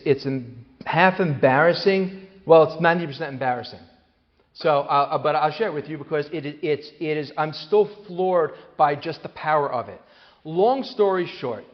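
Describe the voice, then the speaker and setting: A man giving a parenting talk to an audience, telling lively stories and acting out the voices of the people in them, with many restarts. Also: a little high. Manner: animated storyteller, acts out quoted voices, many restarts. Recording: long hall reverb, dull lo-fi sound.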